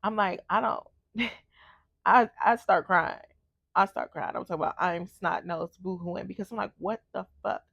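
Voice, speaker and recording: Gravelly-voiced woman telling a story. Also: mid-range voice, moderate pace, fairly bright tone, no room sound, studio quality. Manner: candid, blunt storytelling with frequent swearing. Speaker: vlogger. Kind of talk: casual storytime.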